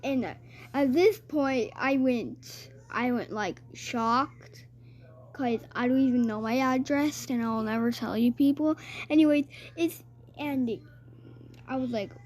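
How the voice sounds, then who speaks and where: A woman's voice: sits high, slow pace, a little mellow. A woman telling a rambling personal story in a chatty way, with fillers and restarts.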